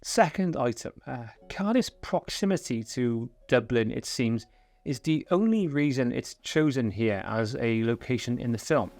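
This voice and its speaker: A man's voice: medium pitch, expressive, measured pace, a little mellow. Sarcastic Welsh man with a sweary edge. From Wales. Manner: sarcastic, profane, mocking. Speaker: film commentary host. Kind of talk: sardonic commentary.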